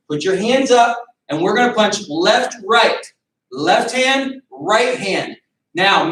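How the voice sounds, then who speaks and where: A man's voice: sits high, fairly bright tone. A man teaching a beginner boxing class over a video call, calling out counts and commands as he coaches. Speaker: martial arts instructor. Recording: echoey room, distant mic.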